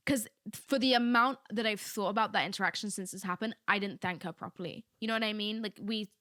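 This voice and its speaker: A woman's voice: medium pitch, a little fast, a bit bright, dry recording, clean studio sound. A young woman hosting a casual solo podcast, rambling candidly with lots of "like" asides. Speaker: podcast host.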